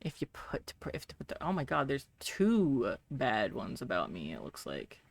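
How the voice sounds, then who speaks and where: A woman's voice: extremely low pitch, wildly swooping pitch, moderate pace, gravelly, no room sound. A woman streaming a game live, chatting casually, laughing and reading in-game text aloud.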